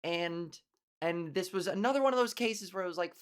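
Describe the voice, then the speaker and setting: A woman's voice: on the low side, brisk, clear, resonant tone. Wry, rambling woman podcast host. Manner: wry, rambling comedic storytelling with casual swearing. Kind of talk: late-night solo podcast monologue.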